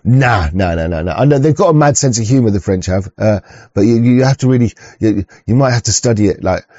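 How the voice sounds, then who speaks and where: A man's voice: lowish voice, animated, a little fast, darkish tone, dry recording. A man hosting an online show, talking in a crude, rambling way, swearing often and stumbling over restarts. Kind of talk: rambling casual monologue. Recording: dull lo-fi recording.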